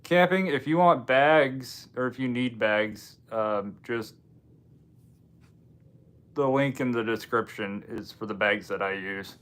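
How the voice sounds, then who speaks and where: A man hosting a relaxed livestream, chatting loosely and answering viewers with dry little asides. His voice sits at an ordinary middle pitch and he talks straight into a home streaming mic. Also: takes it slowly. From Washington State, US. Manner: loose and offhand, with frequent ums and dry asides. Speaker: livestream host. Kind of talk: casual live chat reading viewer comments.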